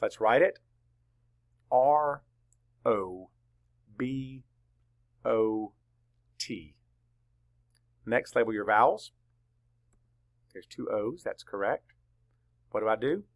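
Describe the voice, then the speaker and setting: Male elementary teacher, gravelly voice, unhurried, patient spelling dictation. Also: medium pitch. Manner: slow, deliberate, letter-by-letter dictation; asks questions and answers them himself. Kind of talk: classroom spelling lesson.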